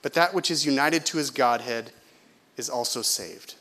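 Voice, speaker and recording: A man's voice: medium pitch, moderate pace, pushed and bright. A middle-aged male pastor from California preaching a sermon in a conversational, self-deprecating way, often asking the congregation questions.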